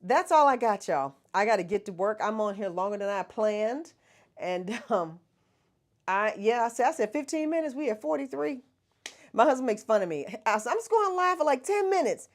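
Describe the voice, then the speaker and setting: A woman's voice: medium pitch, moderate pace. A middle-aged woman, chatting casually with viewers as the host of a livestream. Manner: chatty, laughs often, talks to viewers as y'all.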